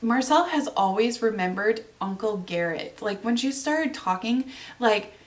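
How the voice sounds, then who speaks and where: A woman's voice: fairly high pitch, lively intonation, moderate pace, recorded from a distance. A woman in her twenties hosting her own podcast, chatting casually and bubbly with plenty of fillers. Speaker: podcast host. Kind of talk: casual solo podcast chat.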